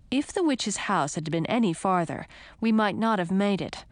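Female audiobook narrator, expressive first-person reading, dry close recording. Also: mid-range voice, moderate pace, no room sound.

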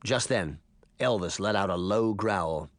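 A man's voice: low voice, measured pace, dry recording, studio quality. A man narrating a children's fantasy novel as an audiobook. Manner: expressive storytelling. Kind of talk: scripted narration.

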